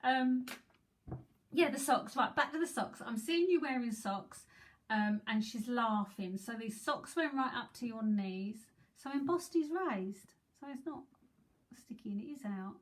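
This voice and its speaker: This psychic medium, a woman from England in her fifties, giggles and chats her way through a live reading, wandering off into asides. She talks a little slowly with lively intonation and a fairly high pitch, captured in low-quality audio.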